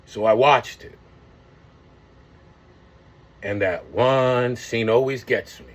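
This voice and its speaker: A man's voice: mid-range voice, slow. Man in his forties rambling in slang. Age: 40s. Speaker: vlogger. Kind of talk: casual monologue.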